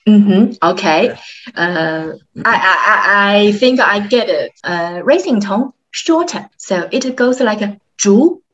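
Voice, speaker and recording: Woman tutor, patient, slow delivery, animated pitch, muffled audio. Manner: patient, models each syllable slowly for repetition. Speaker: Chinese tone teacher. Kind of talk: online tutoring session.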